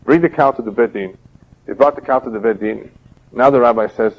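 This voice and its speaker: A man, a rabbi, giving a religious lecture and teaching through parables in a steady, explaining way. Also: mid-range voice, fairly quick. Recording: dull lo-fi older audio.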